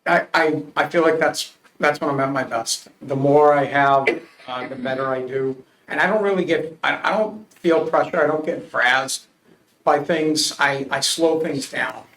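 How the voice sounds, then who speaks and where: A man's voice: fairly high pitch, unhurried, a bit bright, slight background noise. A man from Massachusetts answering a council committee's interview questions, earnest and emphatic, telling stories with frequent restarts. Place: council chamber. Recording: roomy public meeting audio.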